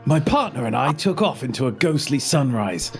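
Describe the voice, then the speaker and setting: A man's voice: medium pitch, very animated, moderate pace, soft background music. Man narrating a game he plays. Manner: explains the game, reads aloud plainly. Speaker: streamer playing the game. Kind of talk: casual let's-play commentary.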